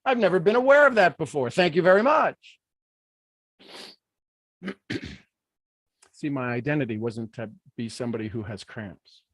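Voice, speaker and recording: A man from Ohio giving a motivational talk in an animated, folksy way with playful asides. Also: a little high, moderate pace, pauses often, no echo, studio quality. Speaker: motivational speaker.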